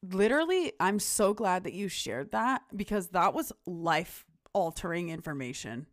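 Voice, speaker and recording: A woman's voice: fairly low pitch, sing-song, a little slow, dry recording, studio quality. A young woman co-hosting a podcast in casual chat, reacting with stunned exclamations and swearing. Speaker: podcast co-host.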